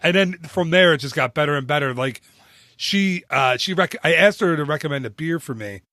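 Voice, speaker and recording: Podcast guy telling a story, animated, tons of restarts, dry close sound. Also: fairly high pitch, brisk, no echo. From northern United States. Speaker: podcast co-host. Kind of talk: casual chat.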